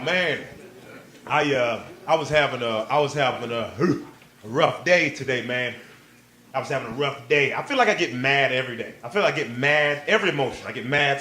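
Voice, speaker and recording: A male stand-up comedian performing a live set on a club stage, excitable and playful, working the crowd and leaping into squealing quoted voices. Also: mid-range voice. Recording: live club recording with crowd laughter and noise.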